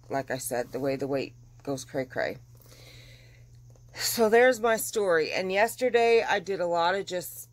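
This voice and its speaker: A middle-aged woman vlogging at home in a casual chat, chatty and animated, getting over the flu. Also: sits low, dry recording. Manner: chatty and animated, dramatic retelling. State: recovering from flu. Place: at home, windows open.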